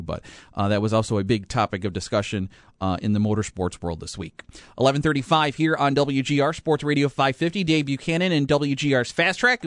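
A man's voice: mid-range voice, dry recording. A man hosting a sports radio show, chatting casually with many fillers and restarts.

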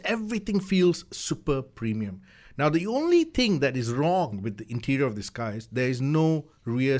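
Animated man reviewing cars. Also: on the high side. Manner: animated, repeats words while building a point. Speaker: car reviewer co-host. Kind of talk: casual chat.

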